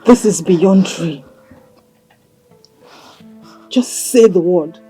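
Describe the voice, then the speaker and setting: A woman playing a seductive, possessive female marine spirit princess, coaxing and commanding in a husky voice. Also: fairly low pitch, very slow, dark tone, soft background music, exaggerated voice. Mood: insistent. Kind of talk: film drama acting.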